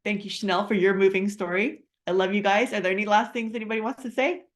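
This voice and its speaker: A middle-aged woman shares a heartfelt personal story while pitching her wellness business in a chatty manner. She talks fast with a steady tone, using plenty of fillers and restarting her sentences often.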